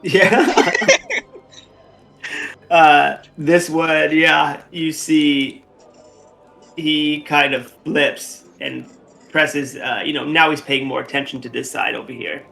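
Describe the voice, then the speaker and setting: Slow gravelly guy dm narrating, soft music in the back. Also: on the high side. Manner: relaxed, filler-heavy narration. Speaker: game master. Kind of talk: narrating a tabletop game.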